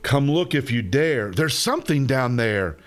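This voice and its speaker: A man's voice: mid-range voice, very animated, a little slow. A man voicing a badger in a children's story, with an inviting sing-song delivery. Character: badger beckoning the other animals.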